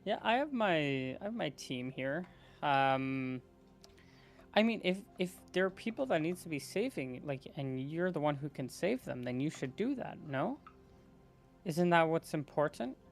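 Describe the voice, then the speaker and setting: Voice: mid-range voice, sing-song, a little slow, soft background music. A player voicing a young male monster-hunter apprentice, eager and self-assured. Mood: confident.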